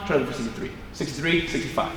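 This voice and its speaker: A man coaching throwing in casual talk, hyped up and swearing freely, with loud cheering bursts. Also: mid-range voice, quick pace. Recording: echoey, distant mic, background noise.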